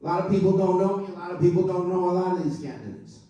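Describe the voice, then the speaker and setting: A man running for Congress opens his speech formally and speaks with a few hesitant fillers. His voice is slightly high and mellow. He sounds far from the mic in a very echoey room. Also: very fast, highs cut off. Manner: formal, addresses the crowd, some fillers. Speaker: congressional candidate. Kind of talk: campaign speech. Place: club meeting room.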